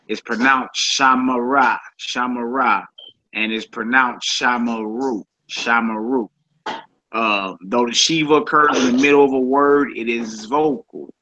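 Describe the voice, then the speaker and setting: A man's voice: medium pitch, sharp tone. A man leading a casual group lesson in a laid-back, colloquial way, often repeating himself. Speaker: Hebrew teacher. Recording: dull lo-fi recording.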